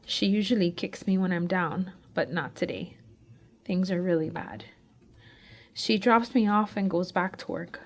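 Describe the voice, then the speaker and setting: A woman's voice: lowish voice, a little slow. A woman, a writing student, reads her own first-person memoir in a raw, anxious, confessional way.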